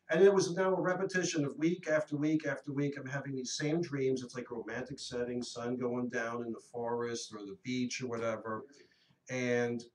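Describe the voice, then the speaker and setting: A man in his fifties telling a story in a casual, animated and earnest way on a talk radio show. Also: mid-range voice. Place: radio studio. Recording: roomy echo, mic at a distance.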